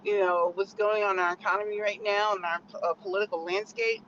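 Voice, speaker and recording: A woman's voice: medium pitch, lively intonation, a little fast, few pauses, fairly bright tone. Chatty American woman, muffled noisy recording. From United States. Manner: chatty, opinionated, rambling with many "like" fillers. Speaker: vlogger. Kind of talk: casual chat to camera.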